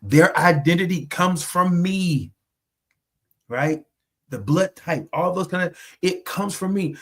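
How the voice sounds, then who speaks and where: A man's voice: high-pitched, takes it slowly, fairly bright tone. A man from the United States hosting a faith podcast, talking in an earnest, emphatic, preacherly way. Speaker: host.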